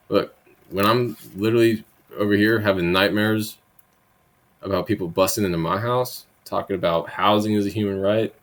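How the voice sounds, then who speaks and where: His voice is lowish and gravelly, his tone steady, his speed normal. As a political commentary host, he reads bill language aloud and then goes off on it in a crude, sarcastic, blunt way, tacking "right?" onto his points and wandering into asides.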